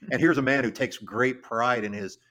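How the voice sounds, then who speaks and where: A middle-aged man co-hosting a podcast, telling a history story in a casual, halting way with many restarts and repeated words. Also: mid-range voice, pushed and bright. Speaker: podcast co-host.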